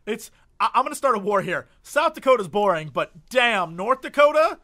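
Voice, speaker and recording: A man's voice: sits high, normal speed. A man co-hosting a podcast, chatting casually and joking, laughing often. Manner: jokey, animated, laughs often. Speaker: podcast co-host. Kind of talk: casual comedic chat.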